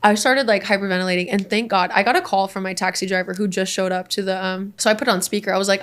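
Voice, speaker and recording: Animated young woman telling a story. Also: mid-range voice, fast, few pauses. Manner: animated, acts out voices in her stories. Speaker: guest. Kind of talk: casual storytelling in conversation.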